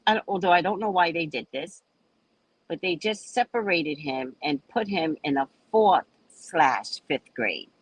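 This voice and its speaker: A fairly low-pitched, unhurried voice with a breathy edge belongs to this older New Orleans host, whose accent colors her relaxed chat and lively storytelling for live viewers, her voice swinging as she goes. No echo, but it's a rough recording.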